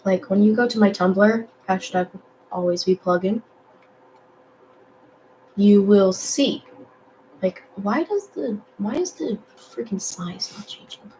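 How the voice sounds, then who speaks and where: A young woman talks slowly while she draws, rambling and self-deprecating, with plenty of fillers. She speaks in a low morning voice at a medium pitch. A faint hiss sits behind her. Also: mellow, rough recording. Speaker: digital artist vlogger. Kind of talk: casual chat while drawing.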